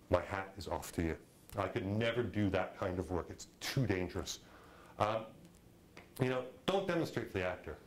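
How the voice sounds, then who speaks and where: A middle-aged man teaching a film directing class, talking in a lively, conversational way and acting out quotes. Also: sits low, poor audio. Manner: animated, conversational, acts out quotes. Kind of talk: lecture to a class.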